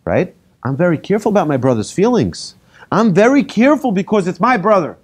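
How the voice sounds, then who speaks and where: A rabbi giving a lively talk to an audience, telling made-up stories and asking the listeners questions. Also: male voice, high voice, fairly quick, slightly rough. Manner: animated, asks the audience questions, tells hypothetical stories. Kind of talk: lively lecture to a live audience.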